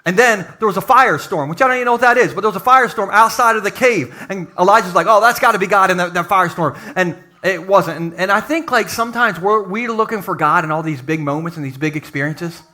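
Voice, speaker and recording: A male pastor preaching a sermon at a live church service, lively and joking, acting out quotes. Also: high-pitched, fast talker, few pauses.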